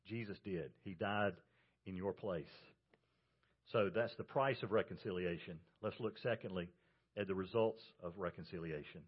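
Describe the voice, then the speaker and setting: A male pastor with a Southern US accent preaching a sermon, earnest, rising to emphasis and dropping soft. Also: sits low, normal speed, slightly rough. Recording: dull lo-fi sermon recording.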